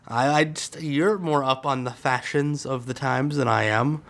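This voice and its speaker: A man's voice: mid-range voice, a little slow, vocal fry, a bit bright. Rambling joking man co-hosting. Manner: rambling, self-mocking jokes. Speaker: podcast co-host. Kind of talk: casual chat.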